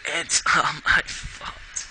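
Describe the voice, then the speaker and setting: A woman's voice: very slow, bright, forceful tone, slight background noise, exaggerated voice, rough recording. A man whispering as tearful Rainbow Dash. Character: grieving young female pony, guilt-ridden.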